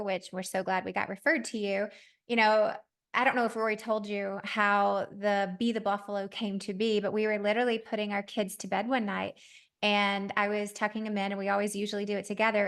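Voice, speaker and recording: A woman podcast host in her thirties, telling a story in a lively, conversational way and acting out the dialogue. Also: medium pitch, fairly quick. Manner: animated, acts out quoted dialogue.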